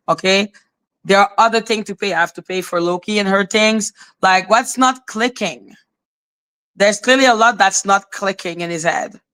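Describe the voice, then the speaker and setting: A woman's voice: medium pitch, a bit bright, clear, resonant tone. A woman whose first language is French, from Haiti, streaming live and ranting in an exasperated, profane, lecturing way, repeating herself. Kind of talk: heated casual rant.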